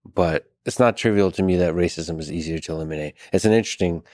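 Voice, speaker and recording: Soft-spoken low-voiced male host. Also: fast, no echo, clean studio sound. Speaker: podcast host. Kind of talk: interview conversation.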